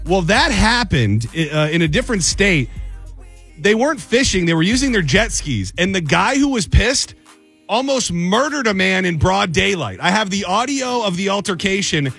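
A young man hosting a radio call-in show, bantering in a quick, jokey way. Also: sits high, big pitch swings, gravelly, a bit bright, husky, faint music behind. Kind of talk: casual radio chat.

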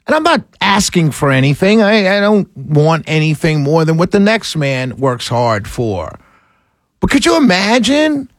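High-voiced animated male radio host. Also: dry recording, clean studio sound. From New York City. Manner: animated, exasperated, rhetorical. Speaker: radio talk show host. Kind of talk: talk radio monologue.

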